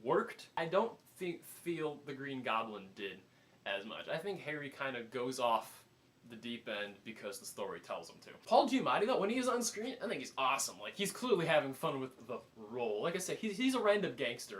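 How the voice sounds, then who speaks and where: Animated man with a higher voice. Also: normal speed. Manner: animated, filler-heavy, acts out his own reactions. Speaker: movie reviewer. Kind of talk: casual spoken movie review.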